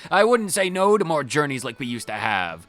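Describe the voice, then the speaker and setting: A man voicing an excitable, loyal young male pirate sailor in a video game playthrough, with a put-on pirate accent. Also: on the high side, normal speed. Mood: eager.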